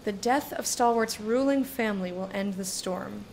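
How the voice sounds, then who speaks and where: A woman's voice: mid-range voice, moderate pace, gravelly, darkish tone, slight background noise, close to an everyday voice. A woman reading aloud as a stern, battle-hardened male soldier guard in a video game, curt and firm.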